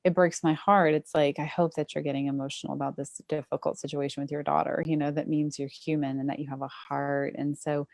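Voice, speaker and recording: A woman who coaches fathers, speaking warmly and thoughtfully with empathy. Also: low voice, flat delivery, a little fast, creaky, hardly any pauses, dry recording. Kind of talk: casual conversation.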